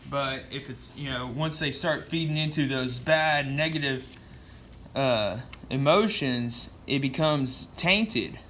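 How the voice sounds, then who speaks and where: A man's voice: medium pitch, slow pace, fairly bright tone, slight background noise. A man casually recapping a comic book, rambling with lots of fillers and swearing.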